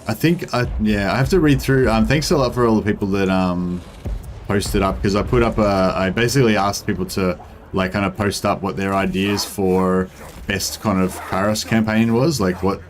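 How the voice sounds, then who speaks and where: A young man with an Australian accent talks through his game in a loose, meandering way, full of "like" and "um". His voice sits low. A faint hiss runs under the close desk mic. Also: moderate pace. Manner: rambling, filler-heavy, thinking aloud. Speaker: game streamer. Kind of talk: casual gameplay commentary, answering chat.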